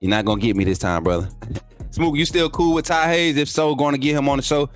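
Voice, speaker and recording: A man's voice: fairly high pitch, brisk, soft background music. A man hosting a live call-in show, talking in a casual, hyped way and repeating himself with slang. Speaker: host. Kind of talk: casual live-stream talk.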